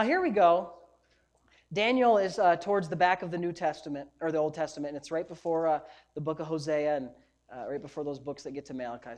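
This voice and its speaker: A woman pastor delivering a sermon, preaching emphatically and throwing rhetorical questions at the congregation. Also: lowish voice.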